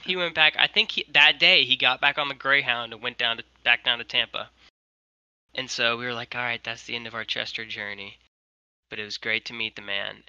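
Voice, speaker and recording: A man's voice: mid-range voice, a little fast, smooth, no echo, poor audio. A young man, a guest on a video call, telling a long story in casual chat with lots of "like" fillers. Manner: animated, many "like" fillers. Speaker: guest, merch maker.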